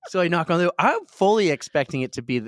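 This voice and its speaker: A man co-hosting a podcast from a hotel conference room, telling stories in a loud, excitable, energetic way. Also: high voice, quick pace. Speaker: podcast co-host. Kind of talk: casual chat. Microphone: computer setup.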